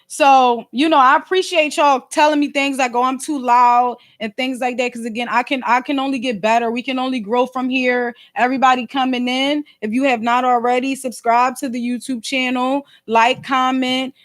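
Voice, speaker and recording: Philly woman on a phone livestream, high voice, loud and slangy, keeps asking "you know what i'm saying". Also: moderate pace, few pauses. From Philadelphia. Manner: animated and slangy, fond of rhetorical asides; loud and emphatic, sometimes snapping. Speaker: podcast host and livestreamer. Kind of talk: casual livestream chat.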